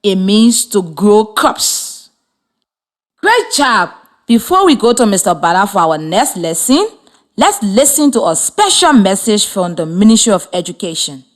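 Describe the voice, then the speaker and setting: A woman teaching a children's reading lesson on the radio, giving slow, encouraging, clear instructions. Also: medium pitch, very animated. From Liberia.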